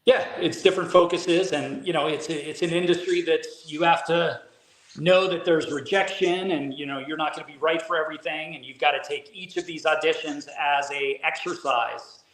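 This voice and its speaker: A man speaking a little higher than most men tells his stories at an unhurried, easygoing pace, with plenty of filler words. His voice carries a noticeable room echo, as if recorded in a bare studio. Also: steady tone, fairly bright tone. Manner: easygoing storyteller, frequent "you know" fillers. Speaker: guest actor and drummer. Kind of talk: casual interview chat. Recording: roomy echo.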